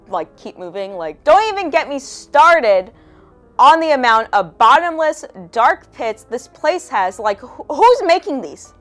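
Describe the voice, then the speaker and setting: A young woman rants through a casual commentary, sarcastic and exasperated, with swearing in nearly every line. Her voice sits a little high. Quiet music runs underneath. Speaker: video essayist.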